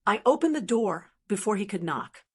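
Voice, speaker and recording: An older woman narrating a family story in a calm, measured voice. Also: mid-range voice, slightly rough.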